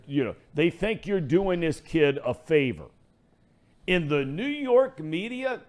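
A middle-aged man hosting a sports talk radio show, ranting in a fired-up way. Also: on the high side.

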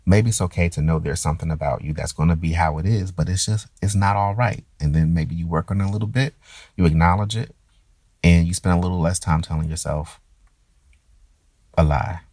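A man's voice: low voice, fairly quick, darkish tone, no echo. A man talking through his feelings in a reflective personal monologue, hesitant and often stammering as he restarts his thoughts. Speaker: performer.

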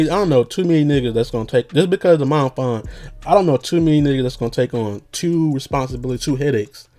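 A man's voice: mid-range voice, fast, mellow, soft background music. Rambling, slangy young man. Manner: loose and slangy, full of fillers, jokes around. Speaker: podcast host. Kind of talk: casual rambling monologue.

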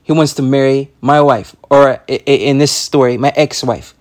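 A man's voice: medium pitch, steady tone, normal speed. A man preaching a sermon, emphatic and repetitive, stumbling over restarts as he reads scripture aloud. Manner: emphatic, repeats words and stammers on restarts; reads scripture in King James wording. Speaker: pastor.

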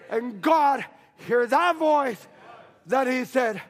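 A man's voice: very high voice, expressive, slow. A man preaching a sermon in a church, emphatic and repetitive in his delivery. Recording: long hall reverb.

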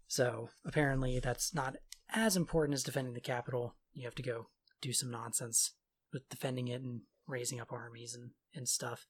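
With a little hiss or hum in the recording, a medium-pitched man speaks in a steady tone while casually recapping a video game's plot for his podcast. His retelling is offhand and sarcastic, with quick mock quotes thrown in.

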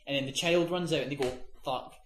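A man hosting a casual comedy podcast, rambling through a film's plot and dropping into a low voice for the quotes. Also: very fast, echoey room, a little hiss or hum. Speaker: podcast host. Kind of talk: casual comedic chat, retelling a film.

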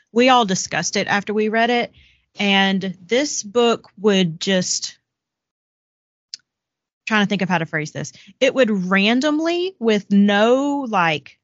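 A woman co-hosts a casual book podcast and talks frankly about what she has read. Her voice is mid-pitched and recorded dry, with no room sound. The audio is dull and lo-fi. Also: dry recording. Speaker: podcast co-host.

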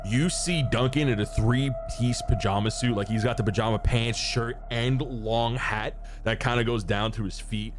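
A man narrating a tabletop game as game master, casual and animated, with many filler words. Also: medium pitch, moderate pace, few pauses, noisy background.

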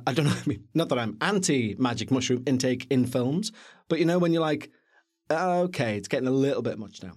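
A man co-hosting a podcast, reviewing a film in a chatty, jokey, animated way. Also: mid-range voice. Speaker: podcast co-host. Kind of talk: casual film review chat.

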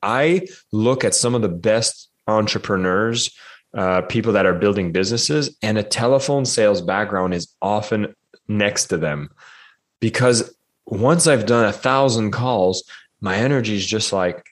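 Lively low-voiced man telling a story. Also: normal speed. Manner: animated, acts out quotes in higher voices. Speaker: guest. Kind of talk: casual storytelling in a podcast interview.

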